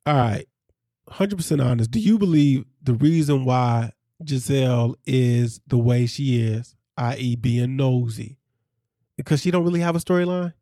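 A man co-hosting a podcast in casual chat, animated and jokey. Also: mid-range voice, no room sound, studio quality. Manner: animated, jokey, quick asides. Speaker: podcast co-host.

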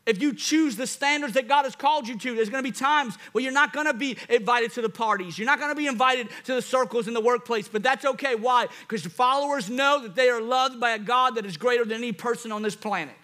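High, bright-voiced male preacher. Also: quick pace, hardly any pauses. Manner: energetic, rising into loud emphatic preaching; acts out listeners in a jokey hyped voice. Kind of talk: sermon.

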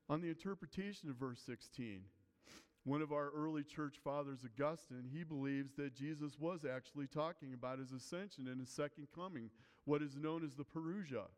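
A man preaching a sermon as pastor, explaining a passage in an earnest way and reading scripture aloud to the congregation. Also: on the high side. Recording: long hall reverb.

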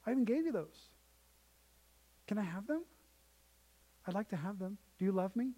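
A man voicing a loving father who softly pleads with his little daughter. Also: high voice, animated, normal speed, rough recording. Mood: pleading. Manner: soft, pleading, tender.

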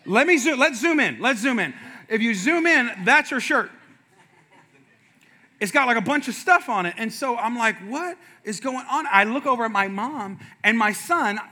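A middle-aged pastor preaches a sermon in a very high-pitched voice at normal speed. He is animated and humorous, weaving in stories and speaking directly to the congregation.

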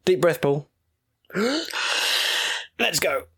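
A man hosts a podcast, his talk chatty and full of self-mocking asides. His voice sits fairly high and swings widely in pitch. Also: expressive, normal speed. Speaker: podcast host. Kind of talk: casual podcast chat.

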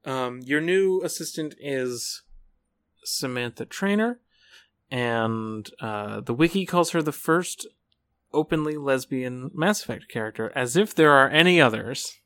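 A man's voice: mid-range voice, animated, measured pace, fairly bright tone. A man chatting casually as a podcast co-host, rambling and hesitant, with many restarts. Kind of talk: casual chat.

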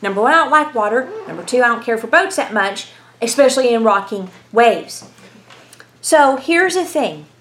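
A woman giving a lively, conversational Bible lesson, telling stories and asking rhetorical questions. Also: on the high side, normal speed, slight background noise. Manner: animated, storytelling, asks rhetorical questions. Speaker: Bible teacher.

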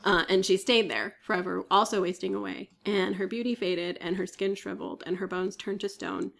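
A woman's voice: medium pitch, fairly even intonation, normal speed, vocal fry, a bit bright. A woman co-hosting a podcast, retelling a myth in a chatty storytelling way with many fillers and frequent coughs. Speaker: podcast co-host. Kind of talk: casual chat, retelling a myth.

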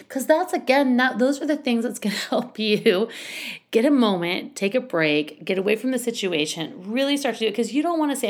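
A woman's voice: medium pitch, expressive, normal speed. A middle-aged woman hosting a podcast, giving casual parenting advice in a chatty way full of "you know" and "like". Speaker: parenting podcast host and school educator.

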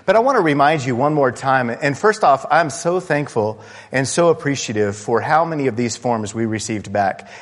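A man's voice: medium pitch, in a large hall. A man preaching a sermon as pastor, talking conversationally to his congregation and building to impassioned peaks. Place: church sanctuary.

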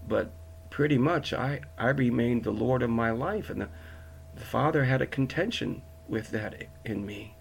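A man's voice: vocal fry, husky. A man preaching a sermon and giving his personal testimony, growing passionate as he tells it. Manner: impassioned testimony, builds to high intensity.

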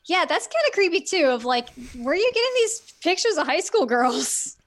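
A woman's voice: very high voice, very animated, moderate pace. A young woman co-hosting a casual podcast, answering with short, dry, sardonic reactions. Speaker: podcast co-host. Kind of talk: casual chat.

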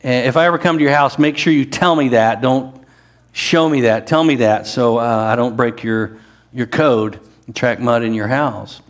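A man's voice: mid-range voice, normal speed. A middle-aged man preaching a sermon, conversational with asides, building to strong emphasis. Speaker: pastor.

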